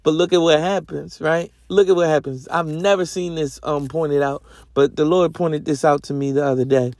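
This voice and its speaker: A man's voice: a little high, fairly even intonation, moderate pace, a little mellow, dry recording, clean studio sound. A man hosting a podcast, teaching the Bible in a casual, rambling way with lots of slang and self-corrections. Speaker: podcast host.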